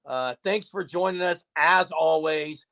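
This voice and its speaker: Man, sports podcast host, high voice, heavy vocal fry, chatty. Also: measured pace, pushed and bright. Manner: chatty, reads viewer comments aloud. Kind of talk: casual sports talk.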